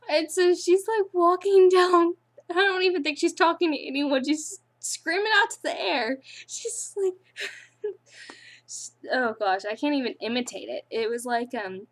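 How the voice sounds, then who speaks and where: A teenage girl with a high, bright-toned voice tells a long anecdote to her camera in a casual way. She giggles often and rambles with lots of "like" and "um." Her restarts come as the story spills out. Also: measured pace. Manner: giggly, breaks into laughter often; rambling, with many fillers and restarts. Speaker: vlogger.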